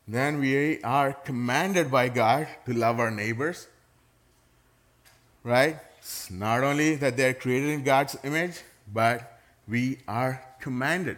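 A man's voice: mid-range voice, slow, a bit bright. Man, middle-aged, pastor, sermon, conversational, teasing humor. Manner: conversational, with playful sarcasm.

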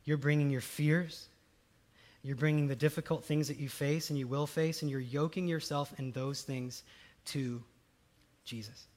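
A male pastor preaches in a loose, conversational way, talking straight to his listeners. His voice sits a little high for a man. He pushes some lines out loud and emphatic, then drops others to a soft hush. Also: steady tone, moderate pace. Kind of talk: sermon.

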